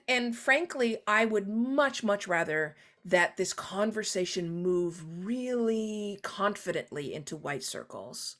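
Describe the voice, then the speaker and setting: A woman guest author talking animatedly in an interview, often acting out quoted voices with sudden high jumps. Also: fairly bright tone. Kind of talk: conversational interview.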